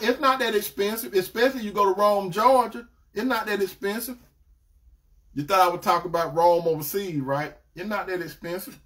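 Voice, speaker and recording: A man's voice: sits high, a bit bright. A man, giving a preacherly relationship talk and repeating key lines as he addresses brothers and sisters. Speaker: relationship teacher. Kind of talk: live-streamed preaching talk.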